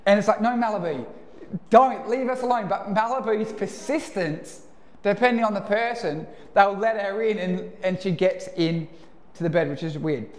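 An Australian pastor with a higher voice preaches a relaxed sermon built on stories, sounding easy and conversational rather than formal, at a moderate pace. Recorded live, his voice fills an echoey church hall with a long reverb behind each phrase.

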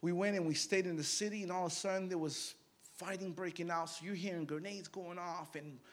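High-voiced man preaching with dramatic swings. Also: steady tone, brisk. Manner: storytelling, swings from hushed to loud and emphatic. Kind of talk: sermon.

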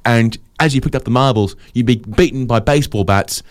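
A man's voice: mid-range voice, a little fast, close to an everyday voice. A man putting on the voice of a menacing ex-mobster who talks about violence in a casual, reassuring way. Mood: breezy menace. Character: menacing British ex-mobster, male, middle-aged.

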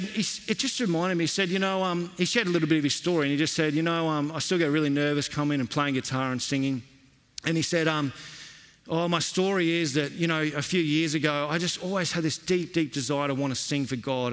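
A man preaching a sermon, telling stories in a lively, conversational way. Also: on the high side, a little fast. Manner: storytelling, animated and conversational. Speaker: pastor. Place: church hall. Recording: long reverb of a church hall.

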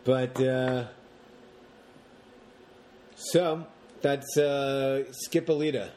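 A man's voice: mid-range voice, drawn-out words, slight background noise. Rambling man ranting about a movie. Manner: rambling, animated rants with mocking put-on quotes. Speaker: podcast co-host. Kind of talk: casual movie chat.

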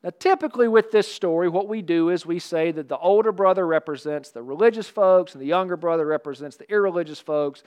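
Pastor, man, light high voice, chatty animated preaching with jokes. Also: fast talker, few pauses, smooth. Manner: animated, conversational preaching with asides and humor. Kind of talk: sermon.

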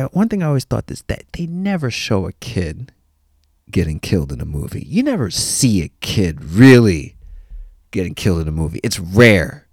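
Low-voiced guy telling a funny story, voice jumps all over, laughs a lot, dry close sound. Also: breathy edge, dry recording. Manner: animated, laughing often, mock-deadpan asides. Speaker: podcast host. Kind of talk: comic storytelling.

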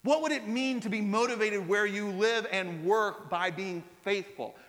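A pastor in his forties preaching a sermon, telling a personal story with animated, self-mocking asides. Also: sits high, a little slow, big-room sound.

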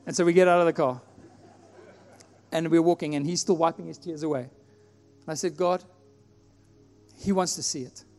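A man from South Africa preaches in a church, telling a personal story and acting out his own prayers. His voice sits high and lively. The sound carries a long hall reverb with faint music underneath. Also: moderate pace, long pauses. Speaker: pastor.

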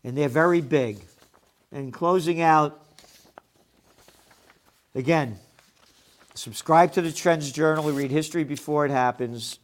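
A man's voice: on the high side, unhurried, pauses often. Combative man ranting commentary. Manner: combative, sarcastic, swears when angry. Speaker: host of a trends commentary show. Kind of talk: opinionated monologue commentary.

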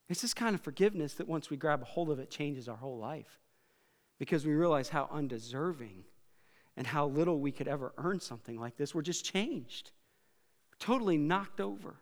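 A man preaching a sermon, swinging from quiet remarks to loud, emphatic passages. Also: a little high, lively intonation, normal speed. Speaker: pastor. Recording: long reverb of a large hall.

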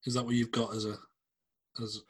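Guy teasing his cohost, blunt and sweary, husky voice. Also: medium pitch, flat delivery, brisk. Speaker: podcast co-host. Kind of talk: casual chat.

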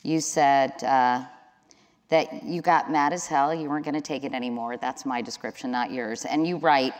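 Low voiced middle aged woman interviewing someone on stage, wry, echoey hall. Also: fairly even intonation, moderate pace. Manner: conversational, wry asides. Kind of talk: onstage interview. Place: large hall with audience. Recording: long hall reverb.

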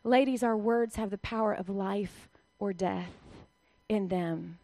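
A woman's voice: medium pitch, slow, dark tone, no room sound. A woman teaching a conversational sermon to women, with chatty, direct asides to her listeners. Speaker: Bible teacher speaking to women.

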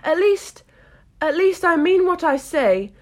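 A woman's voice: extremely high pitch, very animated, unhurried, voice pushed up, full character voice. A woman voicing a prim, indignant young girl in a storybook reading, recorded at home. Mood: earnest. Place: home, no studio.

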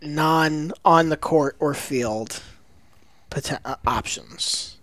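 A woman co-hosting a podcast in casual chat, wry and quick to laugh. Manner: wry, laughs often, lively pitch. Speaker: podcast co-host.

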